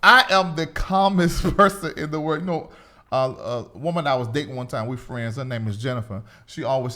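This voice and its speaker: A man hosting a live talk show, chatting casually in an animated, laughing, exclamatory way. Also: medium pitch.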